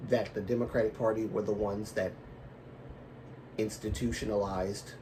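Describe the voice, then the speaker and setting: Guy rambling on a live stream, low voice, keeps correcting himself, still has a cough, mic kinda far off. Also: a little mellow, a little hiss or hum. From American South and Baltimore. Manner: rambling, self-correcting, laughs at own remarks. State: lingering cough. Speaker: livestream host. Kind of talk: casual live-stream chat.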